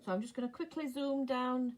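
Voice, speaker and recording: An older woman chatting casually as she sews, talking to herself and dropping into soft mutters. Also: high voice, fairly quick. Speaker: sewing vlogger. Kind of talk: casual chat while sewing. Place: home sewing room. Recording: clear sewing machine noise behind.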